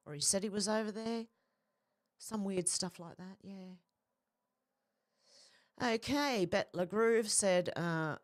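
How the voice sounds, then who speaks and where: An Australian woman hosting casual commentary, chatting and reading out posts with laughs between them. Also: fairly low pitch. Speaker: host.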